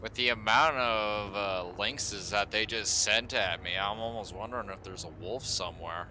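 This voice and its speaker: A man's voice: lowish voice, moderate pace, bright, forceful tone. A young man giving casual, wry commentary while he plays a video game. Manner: laid-back, wry, talks to the enemies. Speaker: game streamer. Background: game music.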